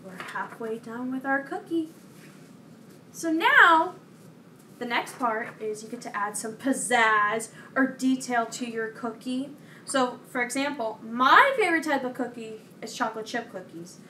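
Reading a storybook and then giving craft directions, a young children's presenter keeps her delivery slow, clear and aimed at kids. Her intonation is lively and her voice high and bright. A faint hiss comes through from the distantly placed microphone.

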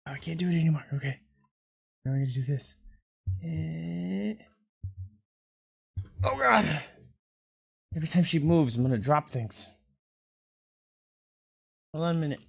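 A woman game streamer talking casually to her viewers while playfully scolding an excited dog in a sing-song voice. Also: sits low, measured pace, creaky, long pauses, husky. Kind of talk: casual stream chat with pet.

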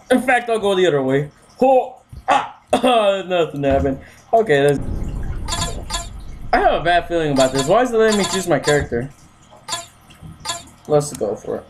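A gaming video host giving loose let's-play commentary, yelping, shouting and laughing while taunting the characters on screen. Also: mid-range voice, slight background noise. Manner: excitable, yelps and shouts, frequent laughs; talks to game characters, taunting.

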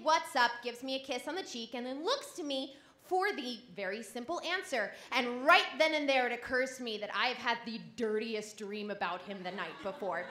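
Bright, high-voiced woman storyteller on stage. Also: reverberant. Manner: frank, animated, laughing through lines. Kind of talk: live comic storytelling. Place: live story slam stage.

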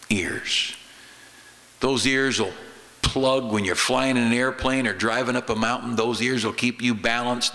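A middle-aged man, a pastor, preaching a sermon in a church, shifting between loud exclamations and quiet asides. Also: mid-range voice. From United States. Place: church sanctuary. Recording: church hall reverb.

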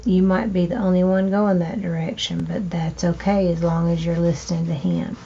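A woman hosting a crafting video, chatting slowly to herself while she trims and glues, with hiccups now and then. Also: on the low side, fairly even intonation, gravelly, dark tone. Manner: slow, chatty, talking to herself while working. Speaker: crafting channel host. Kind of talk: casual crafting narration. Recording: dull lo-fi home recording with faint noise.

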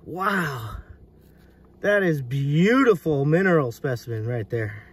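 A man prospecting in a hard rock mine, giving excited running commentary to his viewers as he works. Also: on the high side, takes it slowly, breathy edge, far from the mic. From United States. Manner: excitable, marvelling, talks to viewers.

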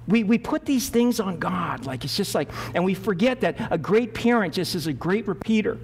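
A male pastor preaching a sermon, lively, acting out the voices of Bible figures as he goes. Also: sits high, normal speed, in a large hall.

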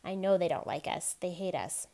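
A woman reading as a sad, gentle boy. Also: lowish voice, moderate pace, natural voice. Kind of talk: reading a novel aloud.

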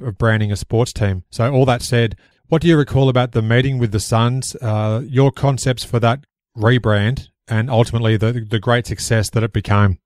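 Man, podcast host, measured prepared questions, lowish voice, dry sound. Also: a little mellow, no echo. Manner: measured, scripted phrasing.

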